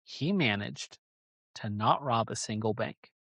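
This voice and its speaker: A man's voice: lowish voice, lively intonation, measured pace, fairly bright tone, husky, no room sound, highs cut off. A man hosting a podcast, telling a story casually in a rambling, joking way. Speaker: podcast host. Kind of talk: casual chat.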